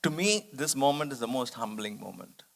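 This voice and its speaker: A bright-ish, medium-pitched male voice, expressive and at normal speed, with vocal fry. At a devotional study circle he tells a personal spiritual story, earnest and reflective, acting out the dialogue he quotes.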